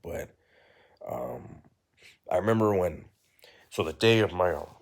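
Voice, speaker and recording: Man, very deep voice, candid and reflective personal storyteller, blunt and unpolished. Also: expressive, a little slow. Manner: blunt, reflective, peppers speech with "right?" and "you know".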